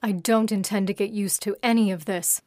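A woman voicing a resentful, gruff captive man who speaks slowly and complains. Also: mid-range voice, steady tone, warm tone, dry recording, clean studio sound, lightly acted.

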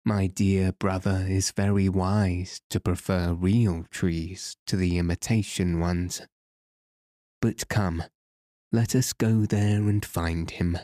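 A man reading the part of an earnest, eager grown man calling out to his long-lost brother. The voice stays low and dark, like a storybook read aloud. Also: fairly even intonation, takes it slowly, no room sound, studio quality.

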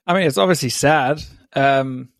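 A young man from England and South Africa, a podcast guest telling stories in a relaxed, laughing way. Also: mid-range voice, moderate pace, gravelly, dry recording, studio quality. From born in England, raised in South Africa. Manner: laughing, self-deprecating storytelling. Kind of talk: casual chat.

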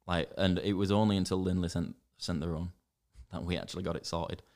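A man's voice: sits low, brisk. Sweary Yorkshire man telling a story. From Northern England. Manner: sweary, animated storytelling, acts out quotes. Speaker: podcast co-host. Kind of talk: casual chat.

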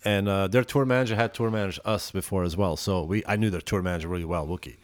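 A man from Belgium, a musician guest on a podcast, telling stories in an animated, profane, casual way. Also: sits low, fast talker. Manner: animated, profane, heated when retelling. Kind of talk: casual storytelling chat.

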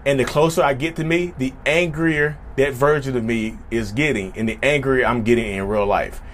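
A man's voice: mid-range voice, moderate pace, slight background noise. A man vlogging in a casual storytelling way, chatty and repetitive, often turning to his viewers directly. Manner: chatty, repetitive, keeps addressing viewers as y'all.

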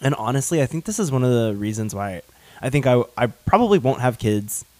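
A man's voice: medium pitch, expressive, a little fast, mellow, no echo. Chatty Southern man co-hosting. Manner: chatty, laughs often, many restarts. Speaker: podcast co-host. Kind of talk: casual chat.

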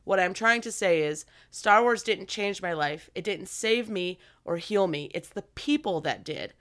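A woman's voice: medium pitch, animated, measured pace, a bit bright. Enthusiastic woman co-hosting a podcast. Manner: enthusiastic, laughs often. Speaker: podcast co-host. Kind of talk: casual chat, reading listener letters aloud.

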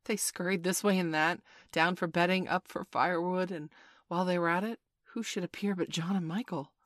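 A woman reading a storybook aloud, calm and measured with gentle expression. Her voice sits on the low side, and the recording is dry and close. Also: no room sound. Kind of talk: storybook read-aloud narration.

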